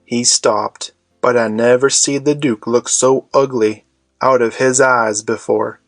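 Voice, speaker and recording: A man narrating an audiobook in a measured storytelling manner. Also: mid-range voice, fairly even intonation, no room sound, soft background music.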